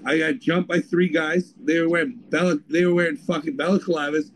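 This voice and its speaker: A man's voice: a little high, a little fast, slight background noise, poor audio. A man from Canada hosting a podcast, telling stories in casual, profane banter. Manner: profane, animated storyteller.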